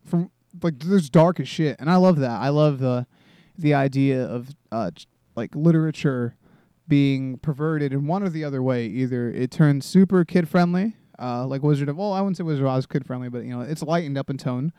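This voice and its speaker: A man's voice: medium pitch, normal speed, warm tone, smooth, dry recording. A man in his twenties hosting a solo comedy podcast, rambling and self-deprecating, swearing often and restarting his sentences. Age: 20s. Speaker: podcast host.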